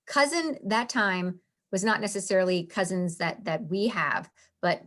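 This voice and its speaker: A woman's voice: mid-range voice, unhurried, a bit bright. A woman teaching a literature lesson in a casual, chatty way, often saying "you know" and restarting her sentences. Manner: chatty, many fillers and restarts.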